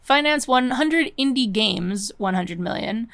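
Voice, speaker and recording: A woman's voice: fairly high pitch, expressive, measured pace, fairly bright tone, no echo. A woman reading game choices aloud, amused and laughing as she lists them. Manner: amused, laughing while listing options. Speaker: game player.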